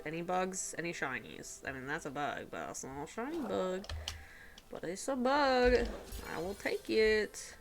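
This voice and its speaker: Woman streamer, chatty home gameplay commentary, giggly with whispery asides, animated pitch. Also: vocal fry, noisy background.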